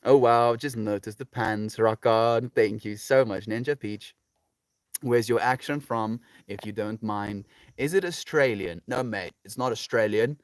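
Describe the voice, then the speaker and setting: A man's voice: on the low side, a little slow, no room sound, clean studio sound. South African man chatting with viewers. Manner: relaxed, chatty, many fillers like "like" and "you know". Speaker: livestreamer. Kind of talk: casual chat reading viewer comments. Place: home on a farm, outdoors in a garden.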